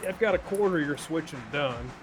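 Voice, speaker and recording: A man's voice: fairly high pitch, lively intonation, moderate pace. A man chatting casually with friends over voice chat while playing a game, loose and joking. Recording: noisy voice-chat mic.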